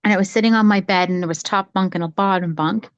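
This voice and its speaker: A woman's voice: medium pitch, fast, clear, resonant tone, no echo. Chatty woman telling a rambling story. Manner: rambling, animated, many restarts and acted quotes. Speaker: psychic medium sharing her story. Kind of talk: casual storytelling chat. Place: home, cat nearby.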